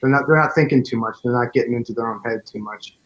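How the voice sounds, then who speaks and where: A man in a relaxed interview talks through how his fan film came together. He rambles, leaning on fillers and restarting his sentences. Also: mid-range voice, fast, muffled recording. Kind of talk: casual interview chat.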